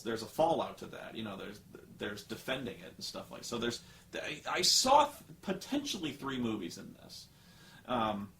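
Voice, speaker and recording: A man's voice: mid-range voice, fairly bright tone, a little hiss or hum. Chatty man, profane and jokey. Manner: profane, jokey, acts out scenes in sarcastic put-on voices. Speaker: vlog host. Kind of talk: casual movie review chat.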